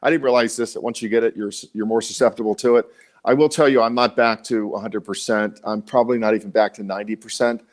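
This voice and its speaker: A middle-aged man with a Baltimore accent, co-hosting a casual live show, talking in an earnest, halting way with many restarts and sounding tired after an illness. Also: fairly low pitch, steady tone. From Baltimore, USA. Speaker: co-host.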